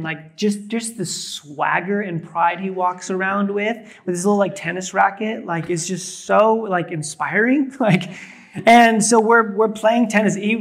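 High-voiced young pastor preaching conversationally. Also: male voice, a bit bright. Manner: conversational, storytelling with many fillers. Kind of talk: sermon. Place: church service.

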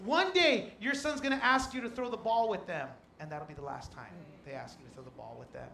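A man's voice: high-pitched, a little fast, gravelly, pushed and bright, echoey room, slight background noise. A man in his thirties, a pastor preaching a sermon in a folksy, emotional way with repeated refrains. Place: large tent with a congregation.

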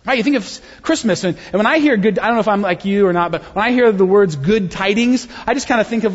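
Male pastor, high and husky, dramatic sermon delivery, dull recording in a reverberant church. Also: fairly quick. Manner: animated, dramatic storytelling with sudden quiet drops. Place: church sanctuary. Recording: dull sound with long reverb of a large hall.

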